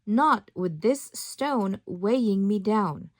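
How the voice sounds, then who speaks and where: A woman's voice: medium pitch, lively intonation, slow, no room sound. A woman reading a storybook aloud, voicing a brave wooden puppet boy in an eager, determined tone.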